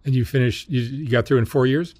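A man's voice: medium pitch, fairly even intonation, quick pace, darkish tone, breathy edge. Man asking short interview questions. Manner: brief conversational prompts. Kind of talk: casual interview.

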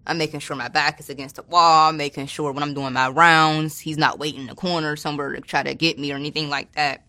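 Low-voiced woman telling a story casually. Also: little pitch movement, fast talker, bright, forceful tone. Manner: colloquial, acts out quoted people. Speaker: former corrections officer.

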